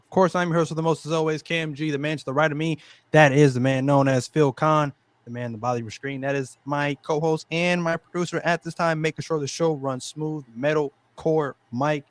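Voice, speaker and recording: A man's voice: fairly high pitch, steady tone, brisk. A man hosting a casual online talk show, opening it in an announcer-style hype voice before chatting loosely with his co-hosts. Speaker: podcast host. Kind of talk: casual chat.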